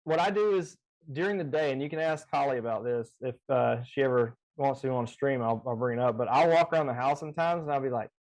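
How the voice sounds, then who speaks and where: A man in casual chat about running tabletop games, talking in an animated, rambling way with plenty of swearing, on a video call. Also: medium pitch, fast, low-quality recording. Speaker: game master. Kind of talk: casual chat between game masters.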